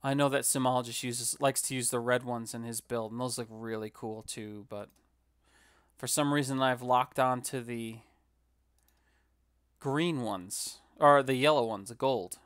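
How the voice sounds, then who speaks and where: A man's voice: medium pitch, steady tone, a little slow, fairly bright tone, smooth, no room sound, clean studio sound. A man casually commenting while building on a live stream, joking and rambling with self-mocking asides.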